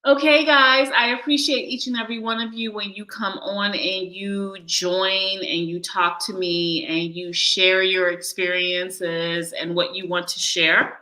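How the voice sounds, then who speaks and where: Woman, live stream host, casual chat, blunt, swears, laughs a lot, bright tone. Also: medium pitch, fairly even intonation, a little slow, hardly any pauses, poor audio. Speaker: livestream host. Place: lives in Ghana.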